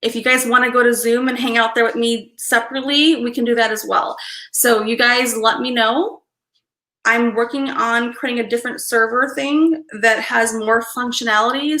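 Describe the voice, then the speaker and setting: Woman host, bright, slightly high voice, chatty and quick to laugh, echoey room. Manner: chatty, apologetic, laughs easily. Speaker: livestream host doing card readings. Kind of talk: casual live-stream chat.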